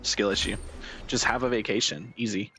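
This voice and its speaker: A man's voice: fairly low pitch, fairly even intonation, moderate pace, pushed and bright, faint music behind. A man streaming a game, chatting casually in a rambling, wry way with lots of fillers. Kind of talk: casual gaming commentary.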